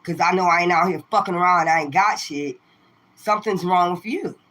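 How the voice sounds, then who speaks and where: A woman who does tarot readings on a livestream, ranting straight at her viewers. Her voice is sharp and forceful, full of swearing and combative rhetorical questions that she keeps coming back to. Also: lowish voice, lively intonation, normal speed. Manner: profane and confrontational.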